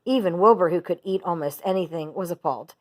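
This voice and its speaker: A teacher reading a children's book aloud, steady and expressive. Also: female voice, lowish voice, fast talker.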